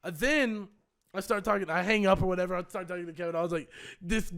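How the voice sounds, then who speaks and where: A man's voice: high-pitched, steady tone, fast talker, a bit bright. A young man in his twenties, a streamer casually telling a story with lots of swearing and acting out both sides of the phone calls.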